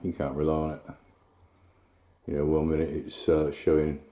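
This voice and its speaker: A man's voice: rumbling low, monotone, normal speed, dark tone. A man filming himself, rambling through a casual running commentary with lots of fillers. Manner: rambling, talks to himself and the viewer with fillers and chuckles. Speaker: vlogger. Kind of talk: casual self-filmed commentary.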